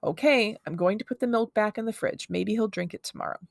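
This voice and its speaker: A patient mother settles things decisively, read by a woman telling a storybook. The tone stays close to her own voice, with a little gravelly fry in it, and the recording is dry. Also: mid-range voice, brisk, no echo, close to an everyday voice. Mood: firm. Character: calm, firm mother of two boys.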